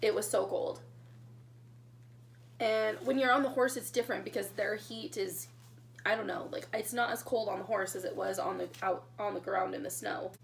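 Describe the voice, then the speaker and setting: A young woman telling her engagement story in a casual storytime vlog, chatty and excitable, getting emotional as she talks. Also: mid-range voice, moderate pace, vocal fry. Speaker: vlogger.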